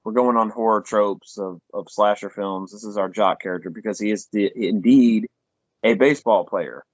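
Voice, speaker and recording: Podcast co-host, male, low voice, loose rambling plot recap with cursing, dull dry lo-fi sound. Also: moderate pace, dry recording. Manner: rambling retelling with acted-out quotes, swears freely. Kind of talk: casual film review chat.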